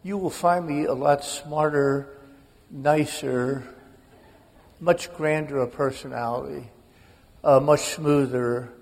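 A man's voice: fairly high pitch, fairly even intonation, slow pace, gravelly, pauses often, darkish tone. An older man, a guest author, telling a humorous, self-mocking family story on stage in a large auditorium. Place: large auditorium before an audience. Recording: long reverb of a big hall.

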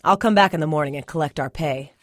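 A woman's voice: low-pitched, fast talker, dry recording, clean studio sound, lightly acted. A woman voicing a tired, stern father speaking to his wife. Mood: weary.

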